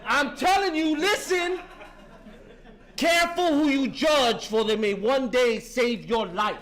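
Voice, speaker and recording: A man's voice: very high voice, slow pace, fairly bright tone. A man in his fifties giving a fervent, profane share at a recovery meeting, talking street-style and breaking in with "listen" again and again. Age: 50s.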